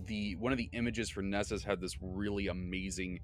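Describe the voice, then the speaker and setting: A man with a low-pitched voice and fairly even intonation recaps the tabletop game he ran as game master, speaking a little fast. It's casual, rambling podcast storytelling, heavy on fillers and self-corrections, with faint music behind.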